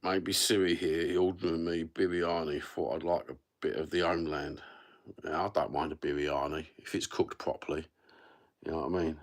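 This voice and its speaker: His pitch sits extremely low and his tone stays steady as this middle-aged East London livestream host rambles on at a moderate pace. It's a relaxed, pally chat laced with curses and slang.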